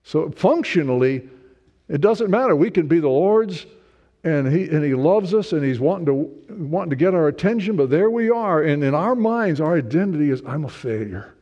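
A man's voice: fairly high pitch, animated, normal speed, dark tone, dull audio. A man preaching a sermon in a conversational way, asking rhetorical questions and acting out people's inner thoughts. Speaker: pastor.

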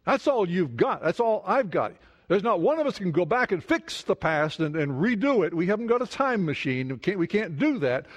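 A man's voice: high-pitched, big pitch swings, moderate pace. A man preaching a sermon, asking the congregation questions and repeating words for emphasis. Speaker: pastor. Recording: long hall reverb.

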